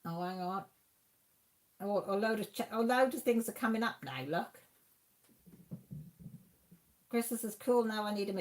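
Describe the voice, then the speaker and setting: A woman's voice: medium pitch, a little fast, a little mellow. A woman chatting casually at home while hosting a craft live stream, reading comments and exclaiming aloud. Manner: chatty, exclaiming, talks to the chat. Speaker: craft channel host reading live chat.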